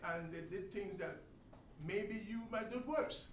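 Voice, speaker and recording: A man teaching a sermon to a congregation, emphatic and swinging between loud and soft delivery. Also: high voice, measured pace. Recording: echoey room, distant mic, faint noise.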